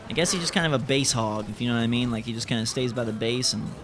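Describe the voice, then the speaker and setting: A young man giving excitable let's-play commentary as a gaming channel host, exclaiming and repeating himself. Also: medium pitch, fast, over music. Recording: noticeable background noise.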